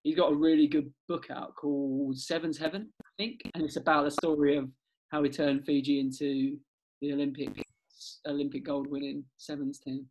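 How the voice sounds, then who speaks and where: A chatty man hosts a podcast in a loose, excitable way, and he breaks into laughter easily. His voice sits a little higher than most men's. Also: moderate pace, poor audio. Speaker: podcast host. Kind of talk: casual chat.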